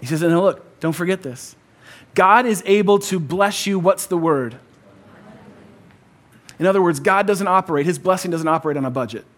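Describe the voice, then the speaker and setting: A man with a fairly high voice preaches to a congregation in a relaxed, conversational way. He leans hard on repeated phrases and pauses to have the people shout the words back to him. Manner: emphatic, repeats key phrases, calls for audience response; conversational, uses "like" and "kinda". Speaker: pastor. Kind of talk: sermon.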